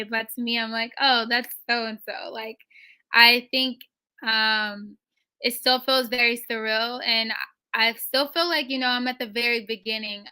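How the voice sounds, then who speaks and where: A young woman with a high, bright voice tells stories in a casual interview. She talks in an animated way, jumps into quoted voices and leans on fillers as she goes. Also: clear, resonant tone. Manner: animated, acts out quoted lines, many "like" fillers. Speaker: actress guest.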